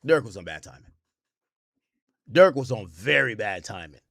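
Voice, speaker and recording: A man hosting a live stream, reacting to news with animated, profane commentary. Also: on the low side, moderate pace, gravelly, dry recording, studio quality. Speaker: streamer host.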